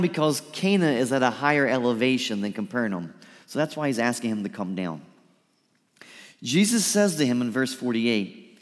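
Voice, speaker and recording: A man's voice: mid-range voice, normal speed. Guy preaching a sermon, voice jumps all over, big echoey hall. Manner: lively preaching, acts out pleading quotes softly. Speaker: pastor. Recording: reverberant hall.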